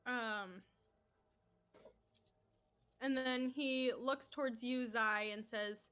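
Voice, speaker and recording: A woman's voice: fairly high pitch, steady tone, extremely slow, long pauses, fairly bright tone, clean tone. A woman narrating as game master of a tabletop game, laughing often as she describes scenes and voices characters.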